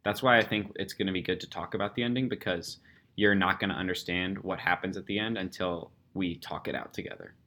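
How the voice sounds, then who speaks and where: Man, podcast co-host, slightly low voice, casual chatty, playful. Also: fairly quick, bright, forceful tone. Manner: chatty, playful, uses lots of fillers. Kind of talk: casual chat.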